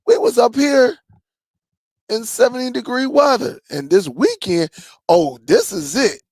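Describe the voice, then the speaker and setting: Male stream host, unhurried and gravelly, casual slangy banter with chat, dry close sound. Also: extremely high pitch, animated, no echo. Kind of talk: casual live-stream chat reading comments.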